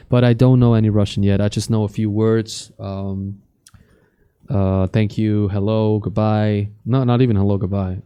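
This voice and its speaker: Man, young adult, Swiss German native, live streamer, casual chat, joking, swears, mellow tone, dry close sound. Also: lowish voice, no echo.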